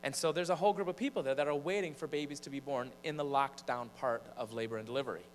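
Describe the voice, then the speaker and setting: A man's voice: mid-range voice, fast talker. Man telling a story in a reverberant church. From Michigan. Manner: animated storyteller, building suspense. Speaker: preacher and singer. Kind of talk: storytelling from the pulpit. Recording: long church reverb, faint mains hum.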